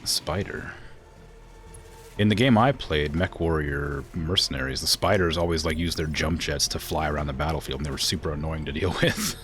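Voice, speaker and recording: A man's voice: rumbling low, normal speed, fairly bright tone. A male streamer chatting casually and laughing as he plays a mech strategy game. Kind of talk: casual let's-play chat.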